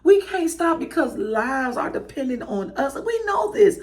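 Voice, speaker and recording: A woman's voice: sits high, sing-song, a little slow. A tearful woman, hosting a podcast and reflecting in an emotional, testifying way. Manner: emotional, testifying, addresses listeners as y'all. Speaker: podcast host. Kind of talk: heartfelt spoken reflection.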